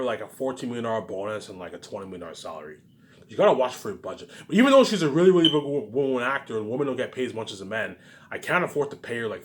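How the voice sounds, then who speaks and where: A man with a lowish voice talks quickly in a casual, rambling monologue. His pitch swings up and down a lot, and he keeps restarting and correcting himself. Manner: rambling, repeats "obviously" and "like".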